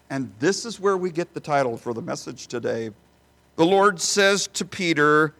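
A man preaching a sermon as a pastor, asking rhetorical questions and swinging from soft asides to loud, emphatic bursts. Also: a little high, animated, moderate pace.

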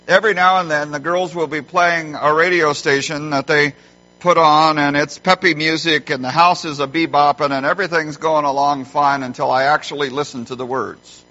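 A middle-aged man preaching a sermon as a pastor, emphatic and animated when telling stories. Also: a little high, moderate pace. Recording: dull lo-fi sound.

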